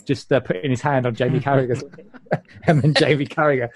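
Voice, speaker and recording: A man in casual podcast chat, talking eagerly in quick bursts as a panelist. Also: medium pitch, steady tone.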